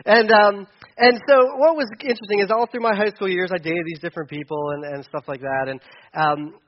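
A man's voice: high voice, a little fast, highs cut off, slight background noise. A middle-aged man preaching, telling a personal story candidly with a self-deprecating touch and many fillers and restarts. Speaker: pastor. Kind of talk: sermon storytelling.

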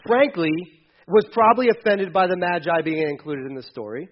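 A man preaching a sermon with a high voice. He talks in a loose, conversational way and slips into casual voices to act out quotes. The recording sounds somewhat muffled. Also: lively intonation, fairly quick. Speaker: pastor.

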